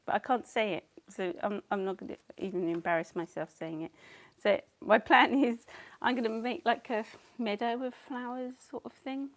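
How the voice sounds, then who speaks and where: A woman's voice: a little high, fairly even intonation, normal speed, hardly any pauses. A woman chatting casually on a live stream at home, greeting viewers by name and giggling as she paints. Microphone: clip-on mic.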